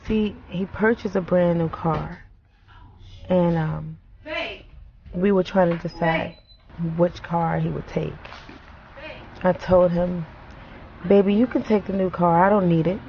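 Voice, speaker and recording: Brief: a grieving wife, low-pitched, halting and reflective, on a dull recording with light hiss. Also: female voice, steady tone, vocal fry. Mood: wistful. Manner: reflective, halting, soft-spoken. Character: grieving wife remembering her late husband. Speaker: grieving widow. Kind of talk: film monologue.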